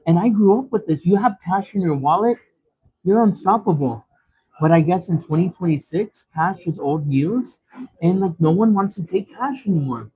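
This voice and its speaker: A man's voice: sits high, lively intonation, moderate pace. A man vlogging to his viewers, telling a dramatic story in an exclaiming manner and repeating himself for emphasis. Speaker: mukbang vlogger. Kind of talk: animated storytelling vent. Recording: tinny phone-like sound.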